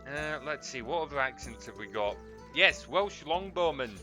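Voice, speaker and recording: A man's voice: fairly high pitch, lively intonation, normal speed, sharp tone, soft background music. A man casually commentating a strategy game stream, chatting to viewers and laughing often.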